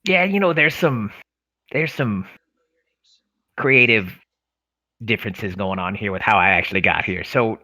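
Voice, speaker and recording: A man's voice: fairly low pitch, a little slow, long pauses, pushed and bright. A man playing a tabletop game in character, cocky and chatty, swearing casually. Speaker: player. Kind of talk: in-character tabletop role-play.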